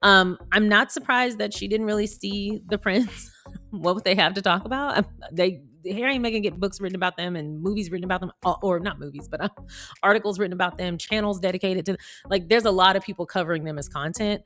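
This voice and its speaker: A woman's voice: mid-range voice, fast talker, fairly bright tone. A woman reading a celebrity news article aloud and breaking off into playful, chatty tangents.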